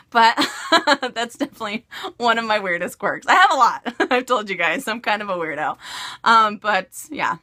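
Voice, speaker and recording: A chatty woman from California hosts a relaxed question-and-answer vlog. Her voice is bright and crisp, and she talks at a middling pitch with lots of giggles. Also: normal speed. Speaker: beauty and fashion vlogger. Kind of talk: casual Q&A vlog.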